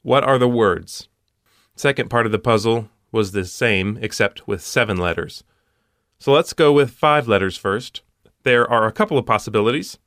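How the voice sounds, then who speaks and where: A man with a fairly low voice hosts a puzzle show, reasoning through each solution in a steady, methodical way. He drops dry puns along the way. The sound is close and dry, with no room around it. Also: moderate pace, no room sound. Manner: methodical, with dry punning asides.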